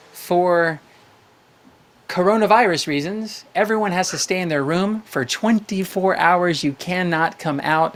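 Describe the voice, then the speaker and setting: A man's voice: on the high side, fairly bright tone. A man hosting a live call-in show, coaching young callers in a playful, upbeat way, asking questions and running little games.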